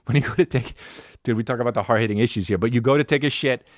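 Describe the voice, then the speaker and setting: A man in his thirties hosting a podcast, ranting through a comic story with lots of swearing and sudden jumps into silly high voices. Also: very fast, no echo, studio quality. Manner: animated storytelling, profane, jumps into mock voices and high sung syllables. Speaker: podcast host. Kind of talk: comedic rant.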